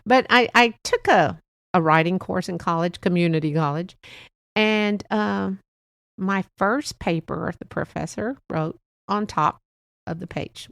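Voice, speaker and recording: A woman's voice: on the low side, a little slow, gravelly, fairly bright tone, no echo, clean studio sound. A woman in her sixties hosting a solo podcast, talking in a rambling, heartfelt way with frequent small chuckles. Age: 60s. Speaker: podcast host. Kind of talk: casual solo podcast monologue.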